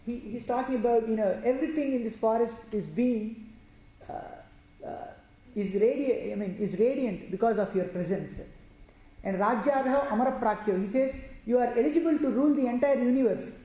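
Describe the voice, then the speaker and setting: A woman tells a devotional scripture story, chanting Sanskrit verses and then explaining them line by line, restarting often. Her voice is on the high side, mellow, at normal speed, in a very echoey room with faint noise.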